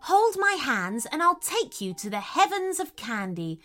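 A woman's voice: sits high, big pitch swings, unhurried, a bit bright, faint music behind, voice pushed up, full character voice. A woman voicing a sweet, welcoming little girl wizard made of candy magic in a children's storybook.

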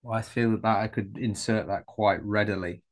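A man's voice: lowish voice, steady tone, moderate pace. Male podcast co-host, dry wit, casual banter. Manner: dry, joking storyteller.

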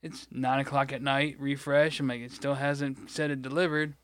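A man's voice: mid-range voice, little pitch movement, normal speed, fairly bright tone, no echo, clean studio sound. A man from Michigan, co-hosting a podcast, rambling through an exasperated, profane story in casual chat. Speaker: podcast co-host.

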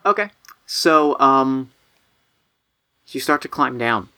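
A man's voice: mid-range voice, lively intonation, slow pace, sharp tone. A man running a tabletop role-playing game, narrating scenes casually with lots of fillers and restarts. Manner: casual, filler-heavy, playful. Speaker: game master.

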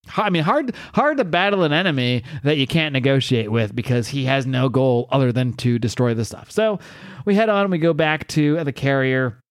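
A man's voice: mid-range voice, lively intonation, normal speed, no room sound, studio quality. A man hosting a casual comic-book recap in a rambling, chatty manner. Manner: rambling, chatty, with fillers and laughter. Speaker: podcast host.

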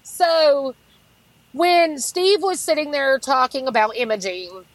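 Lady guest, higher voice, super animated storyteller, dry close sound. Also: slow pace, no room sound, poor audio. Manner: animated, laughs through stories, acts out quotes. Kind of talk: casual storytelling.

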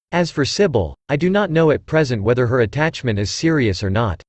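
A man's voice: medium pitch, darkish tone, dry recording. A synthesized male voice reading the lines of a placid, vain middle-aged mother who was once an actress, in genteel, complacent speech, as in an audiobook.

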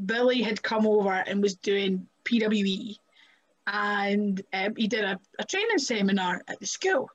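A woman's voice: medium pitch, muffled recording. A young woman, a guest wrestler telling stories on a podcast, chatty and full of "like" fillers. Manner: chatty, many "like" fillers, laughs often. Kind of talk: casual podcast storytelling.

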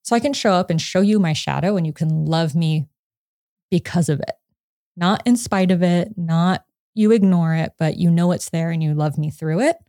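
A woman in her thirties, a psychotherapist guest on a podcast, telling a personal story in a lively way, laughing often and acting out what people said. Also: lowish voice, normal speed, no echo, clean studio sound. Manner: animated storytelling, acts out quotes, laughs often. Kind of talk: casual podcast conversation.

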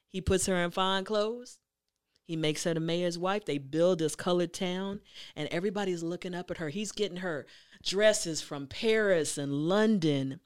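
A woman hosting a motivational talk, telling a story in a chatty, emphatic, animated way. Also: mid-range voice, smooth. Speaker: host.

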